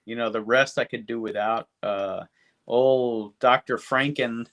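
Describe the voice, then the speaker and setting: A man's voice: mid-range voice, steady tone, unhurried, fairly bright tone. A man in his fifties co-hosting a podcast, reviewing movies in rambling, profane casual chat. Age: 50s. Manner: rambling and profane, with lots of fillers. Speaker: podcast co-host.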